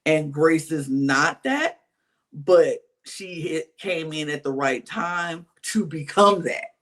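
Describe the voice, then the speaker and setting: A man co-hosting a podcast, recapping a reality dating show in casual chat with lively slang-filled storytelling. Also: fairly high pitch, takes it slowly. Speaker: podcast co-host.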